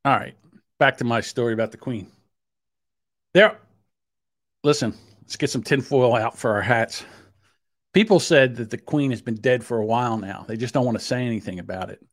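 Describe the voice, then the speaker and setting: A man's voice: mid-range voice, animated, normal speed, long pauses, dry recording, studio quality. A man co-hosting a casual podcast, rambling and joking and laughing often. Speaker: podcast co-host.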